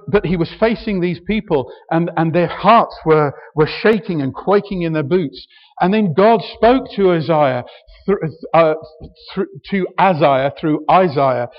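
A man preaching a sermon in a church, earnest, often restarting his sentences and building in emphasis. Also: on the high side. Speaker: pastor. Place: church hall. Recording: dull, hall reverb.

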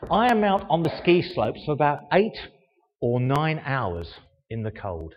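An older man speaks in a chatty, self-mocking way, tossing rhetorical questions at his listeners. His voice sits a little high and swings widely in pitch. The sound is dull and rings with long hall reverb. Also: huge pitch swings, unhurried. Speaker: speaker giving a talk. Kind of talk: informal show-and-tell talk.

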